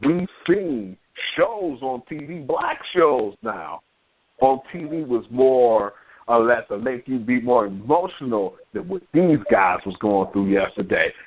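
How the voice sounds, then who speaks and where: A man of middle pitch talks sports with a lively, swooping voice and keeps finishing his points with "man". The audio is narrow and tinny, like a phone call. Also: a little slow. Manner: animated, laughs often, punctuates lines with "man". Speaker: sports talk podcast co-host. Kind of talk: casual sports banter.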